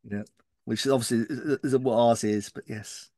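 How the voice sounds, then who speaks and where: A middle-aged man co-hosts a podcast in casual, joking chat, often trailing off and restarting. His medium-pitched voice is a little mellow, with fairly even intonation and a normal pace. The sound is clean studio quality with no room sound.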